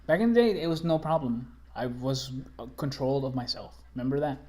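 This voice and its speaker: A man's voice: mid-range voice, animated, fairly quick, dark tone. Rambling man on a casual podcast. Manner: rambling, profane, full of "like" and restarts. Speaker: podcast co-host. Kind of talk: casual chat.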